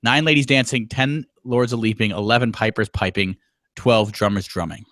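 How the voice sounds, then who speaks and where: A man co-hosting a podcast in loose, self-deprecating chat, with plenty of filler words. His voice sits at an ordinary pitch for a man. The sound is dry and close, with no room around it. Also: moderate pace, a bit bright, dry recording. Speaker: podcast co-host.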